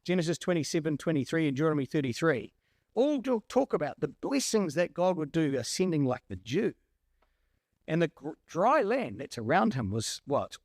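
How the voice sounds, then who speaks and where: A man's voice: a little high, very animated, moderate pace, dry recording, studio quality. A man leading a Bible study, preaching emphatically and speaking directly to his congregation. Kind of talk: sermon.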